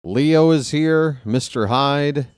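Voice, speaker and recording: A man streaming casual live baseball play-by-play, chatting with viewers and reading out their names between pitches. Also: slow pace, smooth, dry recording, clean studio sound. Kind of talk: live play-by-play with chat shout-outs.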